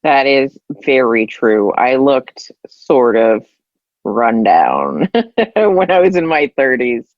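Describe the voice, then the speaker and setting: Woman in her 40s, podcast host, very low pitch, raspy morning voice, lively swooping intonation. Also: slow, no echo, lo-fi sound. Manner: self-deprecating, laughs often. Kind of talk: casual chat.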